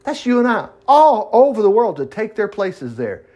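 A man reading Bible passages aloud and commenting in a casual, animated way, breaking into asides. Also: sits high, normal speed. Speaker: Bible teacher.

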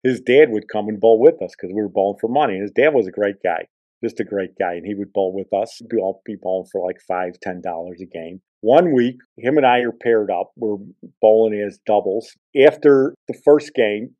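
Male podcast host, casual storyteller; low, dark timbre, dry and dull recording. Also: moderate pace, no echo. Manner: rambling, conversational.

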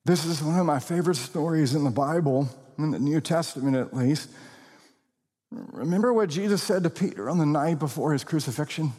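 A man preaching a sermon as pastor, with expressive, deliberate emphasis and occasional laughs. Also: a little high, in a large hall.

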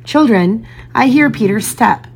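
A woman voicing a gentle but firm, motherly young girl in a storybook reading. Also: fairly high pitch, lively intonation, unhurried, vocal fry, a little hiss or hum, voice pushed up.

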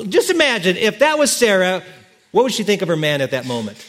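A man preaching a sermon as pastor, telling the story in a lively way and correcting himself as he goes. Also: high voice, fairly quick.

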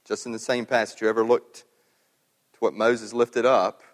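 A man's voice: on the low side, level tone, normal speed. A man preaching a sermon as pastor, in a conversational way, often repeating words as he thinks aloud. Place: church sanctuary. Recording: long hall reverb.

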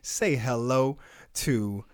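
A man's voice: medium pitch, drawn-out words, smooth. Slangy laughing male podcast host. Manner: hyped, slangy, laughs often. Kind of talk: casual podcast chat.

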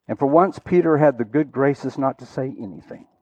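A man preaching a sermon, telling a story dramatically and swinging from loud, urgent lines to hushed, quiet ones. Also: mid-range voice, moderate pace, no room sound, dull audio.

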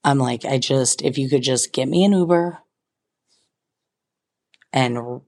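A woman's voice: a bass voice, unhurried, a little mellow. A young woman hosting a podcast, telling a funny personal story with self-mocking, dramatic asides. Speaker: podcast host. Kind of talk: casual storytelling.

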